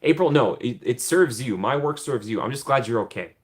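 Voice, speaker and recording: A man's voice: medium pitch, animated, fairly quick. A man hosting a casual livestream, reading viewer questions aloud and chatting back with frequent laughs and ums. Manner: chatty, laughs often, many ums, reads chat aloud. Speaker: livestream host answering chat. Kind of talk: casual live Q&A chat.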